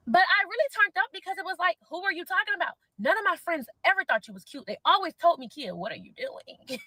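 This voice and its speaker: A young woman, a content creator ranting loudly and sassily in a reaction vlog, swearing a lot. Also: high-pitched, no room sound, poor audio. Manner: loud, sassy, animated, swears a lot.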